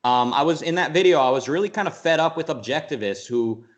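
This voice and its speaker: A man's voice: fairly high pitch, fast talker. Man talking animatedly with many restarts. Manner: rambling, animated, with many restarts and mock voices. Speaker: interview guest. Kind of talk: casual conversational interview.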